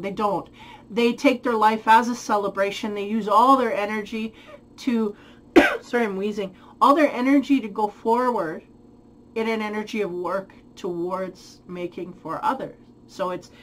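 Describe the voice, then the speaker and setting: A woman with a mid-range voice talks through a spiritual tarot reading. She thinks aloud, pauses to find the right words and laughs lightly at herself now and then. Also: mid-range voice, rough recording. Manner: thoughtful, searching for words, frequent light laughs. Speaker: tarot reader.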